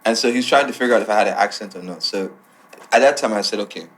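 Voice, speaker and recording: A man's voice: on the low side, quick pace. A man, a guest musician telling a story in casual chat and slipping into pidgin slang. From Nigeria. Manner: animated, laughing storyteller mixing in pidgin slang.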